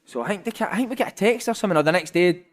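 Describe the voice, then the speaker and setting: High-voiced man telling stories. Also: rapid-fire. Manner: animated, swearing, lots of "mate". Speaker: former footballer, podcast guest. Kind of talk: casual storytelling chat.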